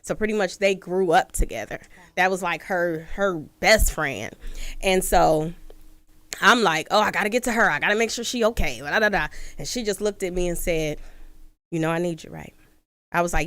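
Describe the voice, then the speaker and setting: Smooth-voiced woman host telling a story. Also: medium pitch, brisk, dry recording. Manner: animated retelling with acted-out quotes. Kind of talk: personal storytelling in casual chat.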